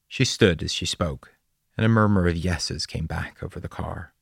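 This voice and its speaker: A man narrating a serialized story in a measured, steady way. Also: sits low, vocal fry, breathy edge, dry recording, clean studio sound. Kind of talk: scripted narration.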